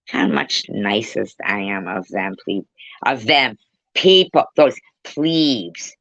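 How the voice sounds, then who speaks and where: A woman's voice: extremely low pitch, creaky, fairly bright tone, no echo. A woman hosting a casual livestream, teasing and joking with her viewers. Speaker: livestream host. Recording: dull lo-fi sound.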